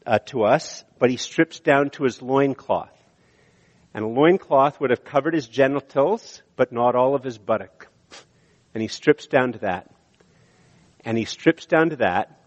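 A man preaching a sermon in earnest, slowing down to stress key words, in a church sanctuary. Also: mid-range voice. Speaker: pastor. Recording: dull audio with long hall reverb.

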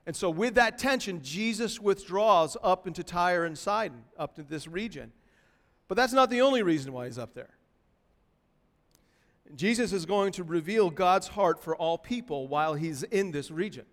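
A male pastor delivers his sermon with a high-pitched voice. His preaching is expressive and his pleas rise with emotion. The room carries a long, ringing reverb. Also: normal speed. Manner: expressive preaching, voices a pleading woman in rising tones. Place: church hall.

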